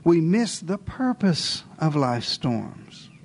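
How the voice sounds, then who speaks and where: A man with a notably high voice delivers a sermon as a first-person story, speaking as one of the disciples. He moves between quiet, confiding asides and bold, raised lines, often turning to the listeners with questions. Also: big pitch swings, slow, a little hiss or hum. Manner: theatrical, shifting between hushed asides and raised exclamations; addresses listeners directly with rhetorical questions. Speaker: preacher.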